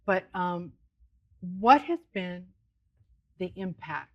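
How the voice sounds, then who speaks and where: A woman hosting a TV interview, prompting her guest with gentle questions. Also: fairly low pitch, expressive, slow pace, highs cut off. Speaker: TV show host.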